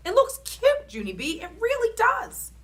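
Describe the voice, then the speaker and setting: A woman voicing a patient, kindly grandfather who speaks gently and soothingly. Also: very high-pitched, huge pitch swings, moderate pace, voice pushed up, full character voice. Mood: gentle.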